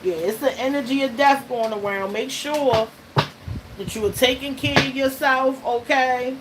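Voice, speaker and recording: A high-voiced woman, speaking a little slowly, hosts her tarot channel and reads cards for viewers in a chatty, emphatic manner. "Okay?" and "all right?" punctuate her points, along with laughter, against steady background noise.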